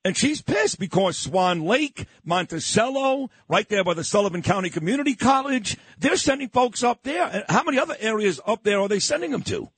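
A man's voice: sits high, big pitch swings, brisk, hardly any pauses, a bit bright, slightly rough, no room sound. A man hosting a morning talk radio show, ranting in a fired-up, opinionated way. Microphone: studio microphone.

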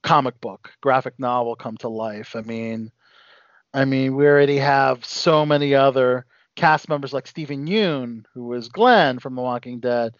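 A man's voice: mid-range voice, normal speed, no room sound. A man hosting a casual pop-culture podcast who rambles with many fillers and restarts. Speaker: podcast host. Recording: dull, dry lo-fi sound.

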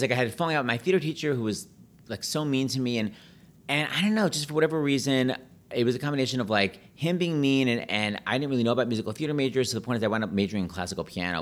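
A fast-talking man, a pianist and Broadway host appearing as a podcast guest, tells lively stories in casual chat. When quoting people, he slips into high, put-on voices.

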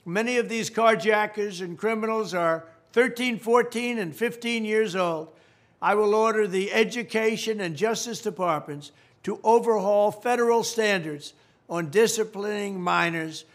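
High-pitched emphatic older man. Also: a little slow. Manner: emphatic, declarative, promising. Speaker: political candidate. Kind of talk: campaign video address.

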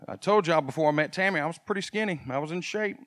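A male pastor preaching a sermon, animated and swinging from quiet folksy asides to loud emphasis. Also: fairly high pitch, fast, no echo.

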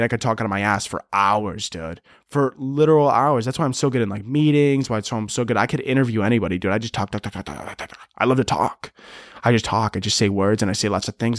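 A young man hosting a solo comedy podcast, rambling and sarcastic, swearing often and breaking into squeaky mocking voices. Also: fast talker, dry recording, studio quality. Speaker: podcast host.

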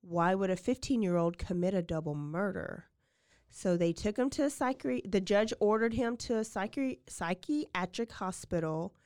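A woman's voice: medium pitch, creaky. Chatty woman telling a crime story. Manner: chatty, animated retelling with acted quotes. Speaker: podcast host. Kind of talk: casual true-crime storytelling.

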